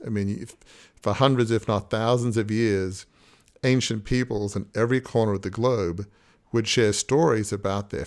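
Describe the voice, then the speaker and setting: Reflective male podcast host, low voice. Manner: reflective, asks searching questions. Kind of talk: podcast interview.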